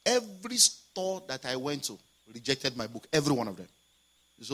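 Nigerian pastor, male, sermon storytelling; lively, hushed to shouting, sharp tone. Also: medium pitch, fairly quick, breathy edge. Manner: animated, swings from hushed to shouting.

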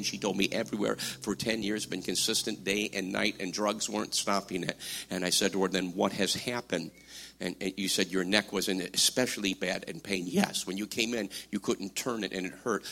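A man preaching a sermon, swinging from hushed, slow passages to loud, emphatic ones. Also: lowish voice, creaky. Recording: music playing behind voice.

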